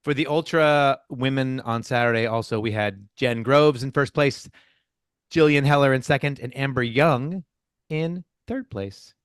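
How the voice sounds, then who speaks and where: A man's voice: medium pitch, a little slow, clear, resonant tone, no echo. Man, podcast co-host, playful, stumbles over names, dry close mic. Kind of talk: casual podcast chat.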